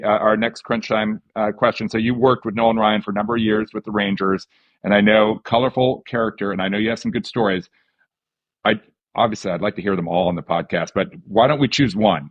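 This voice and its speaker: A man co-hosts a podcast, telling an anecdote in a relaxed, conversational way and leaning on filler words. His voice is on the low side, and the dry recording sounds slightly dull and muffled. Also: dry recording. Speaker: podcast co-host. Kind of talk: casual podcast chat.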